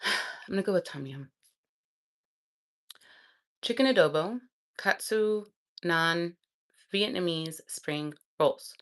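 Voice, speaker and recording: A woman vlogger chatting casually and thinking aloud, excitable and quick to laugh. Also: fairly low pitch.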